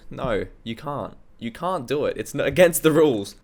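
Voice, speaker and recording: Over loud music, an Australian man with an expressive, medium-pitched voice at normal speed goes through his own song project from a home studio. The hobby producer's screen-recorded walkthrough is laid-back, profane, and self-deprecating.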